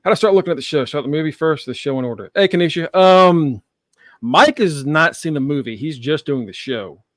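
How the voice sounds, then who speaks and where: A man's voice: fairly high pitch, lively intonation, a little fast, dry recording, clean studio sound. A man hosting a casual TV review chat, cursing and laughing often as he talks. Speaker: podcast host.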